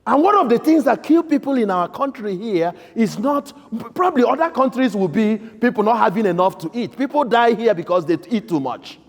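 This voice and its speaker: Emphatic priest, high voice, echoing church. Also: male voice, lively intonation, fairly quick, hardly any pauses. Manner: emphatic, swinging between loud outbursts and soft quiet lines. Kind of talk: sermon. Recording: echoey church hall.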